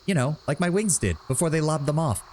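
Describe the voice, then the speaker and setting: A man's voice: fairly high pitch, expressive, fast talker, darkish tone, slight background noise, voice pushed up, close to an everyday voice. A man reading aloud as a playful young winged woman adventurer, self-mocking and teasing. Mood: cheeky.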